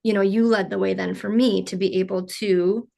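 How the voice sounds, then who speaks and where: A woman's voice: medium pitch, steady tone, normal speed, gravelly, dark tone. A woman hosting a casual podcast interview, talking earnestly with lots of "like" and "you know". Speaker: podcast host.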